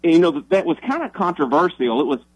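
A man who is a minister, telling a story on the radio in an animated, excitable way, often restarting his sentences. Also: on the high side, fast, breathy edge, dry recording, low-quality recording.

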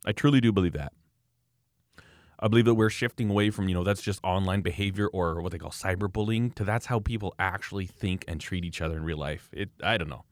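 A low-voiced man from Canada rants on a casual podcast, animated and scornful as he mocks his critics. His voice is recorded close and dry, with no room sound. He talks like a knife maker swapping stories. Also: fast, no room sound. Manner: animated, mocking, ranting.

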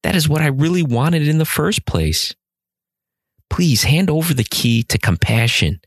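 A man voicing a desperate young male burglar, gruff and threatening but later pleading. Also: a little high, lively intonation, a little slow, no room sound, clean studio sound, voice pushed up, full character voice. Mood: earnest.

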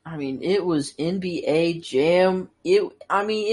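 An excitable man on a casual podcast, his voice sitting a little high, full of slang and quick reactions. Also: breathy edge. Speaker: podcast co-host. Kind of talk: casual chat.

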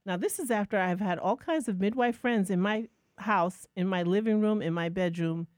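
A woman co-hosting a podcast, telling a lively personal story in a casual, self-mocking way. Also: medium pitch, normal speed, no room sound, studio quality. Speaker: podcast co-host.

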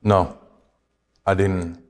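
A man from Georgia, slowly and reflectively telling his life story as an interview guest. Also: deep voice, flat delivery, big-room sound. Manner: slow, reflective, halting. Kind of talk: personal testimony in conversation.

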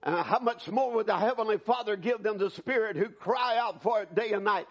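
A male preacher with a high, husky voice delivers a fervent sermon to his congregation. He moves from loud, urgent appeals to soft, hushed prayer. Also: normal speed, hardly any pauses. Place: church service.

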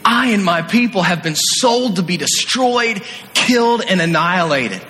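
A brave young queen crying out in a high, ringing voice, as a male preacher acts her out. Her tone is bright and sharp and carries through a long, echoing hall. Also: expressive, normal speed, faint music behind. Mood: accusing. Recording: echoey hall.

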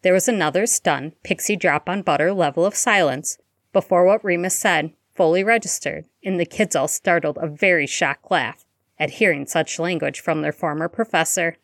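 An audiobook reader, a woman with a lowish voice, reads a fan-fiction story aloud in a steady, even storytelling manner at a moderate pace. The recording is dry and studio quality.

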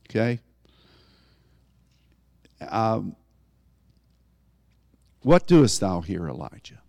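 A man preaching a conversational sermon, often rising in pitch for emphasis as he explains a scripture. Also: darkish tone, dry recording, studio quality.

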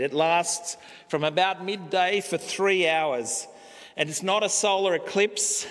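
A male pastor preaching a sermon, slow and emphatic, pausing on key words. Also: a little high, a bit bright. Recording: long hall reverb.

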